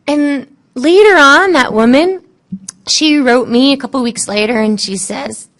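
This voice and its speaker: A woman on a panel telling stories from her work as an animal communicator, acting out what the animals and people said. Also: sits high. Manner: lively, quotes animals and people in changing tones; halting, frequent fillers and restarts. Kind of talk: storytelling on a panel.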